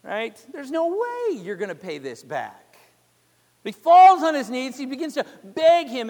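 A man's voice: very high-pitched, wildly swooping pitch, a little slow, a little mellow, big-room sound. A man preaching a sermon as a pastor, retelling a parable as a story and putting questions to the congregation.

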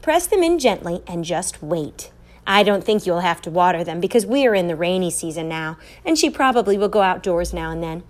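A woman voicing a kindly, eccentric older woman who gives odd advice in a storybook reading, in a brisk, matter-of-fact way. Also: lowish voice, very animated.

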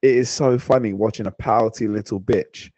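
A man's voice: on the low side, steady tone, normal speed, mellow, no echo, muffled recording. Blunt, teasing man, dry sound. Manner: blunt, teasing, swears freely. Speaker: podcast co-host. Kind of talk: casual sports chat.

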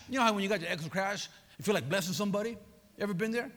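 A man preaching a sermon, repeating his phrases with emphasis and prodding the congregation with quick questions. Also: high-pitched, animated, fairly bright tone. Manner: repetitive, emphatic, prods the audience with "huh?". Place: church sanctuary. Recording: long hall reverb.

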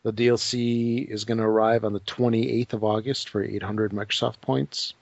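A man co-hosts a gaming show and reads the news in a quick, offhand way, full of "uh"s. His voice has a gravelly rasp, and the audio is dry and somewhat muffled. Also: fairly low pitch, flat delivery, no echo. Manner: quick and offhand, with many "uh" fillers. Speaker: podcast co-host. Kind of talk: casual gaming news chat. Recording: dry, slightly muffled home mic.

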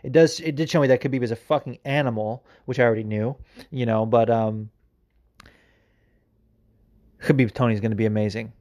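A man's voice: mid-range voice, steady tone, fast, darkish tone. Rambling, profane podcast host man. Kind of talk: casual chat.

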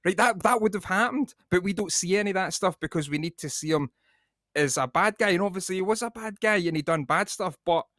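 Rambling, sweary co-host. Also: male voice, high voice, fast talker, fairly bright tone, no echo, clean studio sound. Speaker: podcast co-host. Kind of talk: casual podcast chat.

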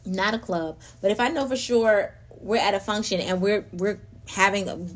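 Woman talking to her listeners about faith, animated, laughs a lot, mid pitch. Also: moderate pace. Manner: animated, laughs often, talks straight to listeners. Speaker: podcast host. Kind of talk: casual spiritual talk.

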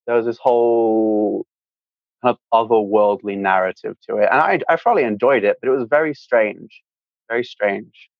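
A man's voice: lowish voice, no room sound. A young man with a British accent, a guest in a casual interview, talking in a rambling way with lots of fillers. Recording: dull, dry lo-fi sound.

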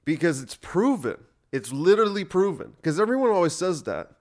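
A man's voice: high-pitched, very animated, normal speed, darkish tone. A man hosting a podcast, talking on his own in a rambling, profane and sarcastic way. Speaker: podcast host. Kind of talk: casual solo podcast monologue.

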